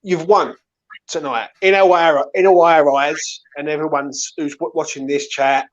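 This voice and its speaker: Man, slightly high voice, casual repetitive pep talk, dull lo-fi call audio. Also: fairly even intonation, measured pace. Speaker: guest on a live watchalong stream. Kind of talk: casual encouraging chat.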